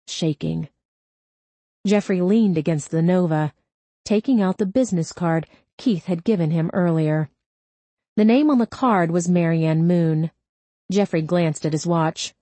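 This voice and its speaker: A woman narrating a crime novel audiobook in a slow, measured, steady delivery. Her voice sits on the low side, and the recording is close and dry, with no room sound. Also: dry recording.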